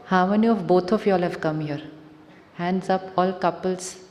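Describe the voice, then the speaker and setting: A woman's voice: on the low side, moderate pace, a little mellow, slight background noise. A woman with an Indian English accent gives an inspirational talk to a live audience, asking them questions and switching into Hindi. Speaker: spiritual speaker. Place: large conference hall. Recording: echoey hall with long reverb.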